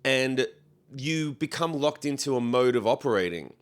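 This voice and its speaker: Man, mid-pitched podcast co-host, blunt and opinionated, swears freely. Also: animated, moderate pace, clean tone. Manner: opinionated, blunt, swears, acts out quoted voices. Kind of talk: casual chat.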